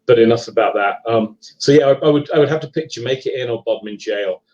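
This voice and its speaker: A middle-aged man from England with a Leicester accent softened by years abroad, chatting as a podcast guest, hesitant and full of ums and restarts. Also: medium pitch, fast talker, lo-fi sound. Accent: Leicester English, partly Americanized. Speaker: guest author and paranormal investigator. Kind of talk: casual live podcast chat.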